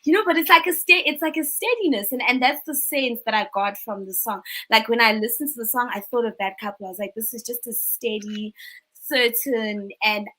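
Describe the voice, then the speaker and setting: Podcast host, South African woman, expressive storyteller with a slightly high pitch. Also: fairly quick. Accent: South African English. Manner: animated storyteller, expressive and lively. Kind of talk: casual chat.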